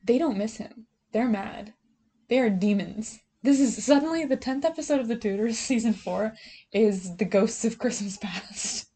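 A woman's voice: on the high side, normal speed, mellow, breathy edge. A young woman co-hosting a podcast, recapping a TV drama in a sarcastic, giggly, profane way. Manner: sarcastic, giggly, swears freely. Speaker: podcast co-host. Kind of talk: casual TV recap chat.

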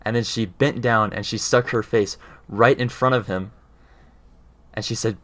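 Male speaker with a fairly low voice, earnest and conversational, explains ideas and often pauses to check in with his listener. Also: fairly even intonation, a bit bright, dry recording. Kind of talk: casual explanatory talk.

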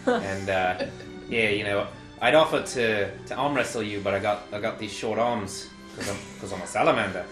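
A woman's voice: a bass voice, normal speed. A woman playing a tabletop game character, hesitant and rambling. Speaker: player. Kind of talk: in-character tabletop role-play. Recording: echoey room with music.

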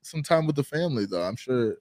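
A man's voice: medium pitch, lively intonation, a little fast, darkish tone, dry recording, clean studio sound. A man co-hosting a podcast in casual chat, slangy and laid-back, often trailing off mid-sentence. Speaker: podcast co-host.

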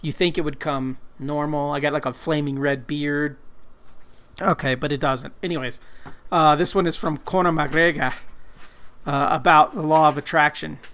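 A man talks loosely on a podcast, rambling, cursing freely and running himself down. His voice sits a touch high for a man. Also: fairly even intonation, normal speed, a bit bright. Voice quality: rambling, profane, self-deprecating. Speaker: podcast co-host, comic colorist. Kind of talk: casual podcast chat.

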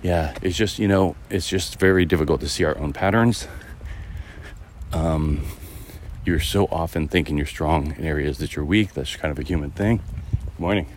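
Very deep-voiced man musing aloud. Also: normal speed, slight background noise. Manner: rambling, musing, with many fillers and restarts. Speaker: podcast host. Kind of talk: casual reflective monologue. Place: outdoors, walking a dog through a neighborhood.

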